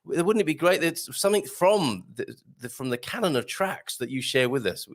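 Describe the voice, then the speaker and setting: A man's voice: a little high, expressive, moderate pace. A man hosting a live morning show, chatting casually and jokily through viewer comments with plenty of ums and laughs. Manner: chatty, jokey, laughs often, lots of ums. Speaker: host. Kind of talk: live-stream chat reading viewer comments.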